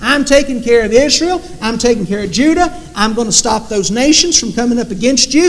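A man's voice: very high-pitched, expressive, a little fast, few pauses, a bit bright. A man preaching a sermon, emphatic and repetitive, firing off rhetorical questions. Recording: long reverb in a hall.

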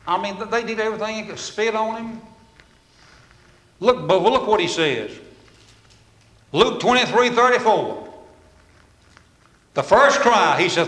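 A man preaching a sermon in a folksy, storytelling way, swinging from loud to hushed. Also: high-pitched, expressive, unhurried, long pauses. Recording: echoey hall with long reverb.

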